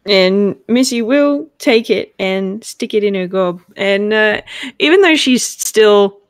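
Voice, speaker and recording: Woman gm narrating slowly, bouncy pitch, dry close sound. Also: lively intonation, no room sound. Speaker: game master. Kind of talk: narrating a tabletop game.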